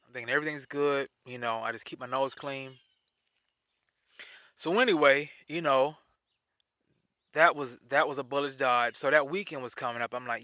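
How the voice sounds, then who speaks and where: Guy telling his own story, bright sharp voice, dry close sound, keeps repeating himself. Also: mid-range voice, normal speed, pauses often, no echo. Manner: animated, repeats himself, acts out the dialogue. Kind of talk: casual personal storytelling.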